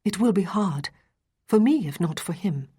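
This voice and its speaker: An anxious young mother from a Regency storybook, as a woman narrator reads her in a soft, whispery delivery. The voice sits low with a husky edge. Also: animated, moderate pace. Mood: wistful.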